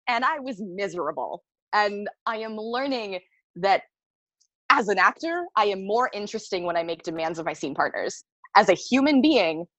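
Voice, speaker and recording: A woman's voice: medium pitch, pushed and bright, no room sound, muffled recording. A woman actor telling stories in a casual interview, candid and laughing often, swearing freely.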